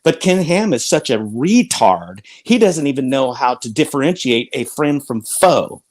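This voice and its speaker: A man's voice: mid-range voice, animated, unhurried. A man who has been a pastor for thirty years, talking heatedly and indignantly in a debate, cutting in and ranting.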